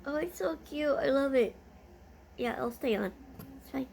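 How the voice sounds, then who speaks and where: Woman vlogger, gushing unboxing chat, high pitch with a gravelly edge. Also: moderate pace, darkish tone, a little hiss or hum. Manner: gushing, easily delighted.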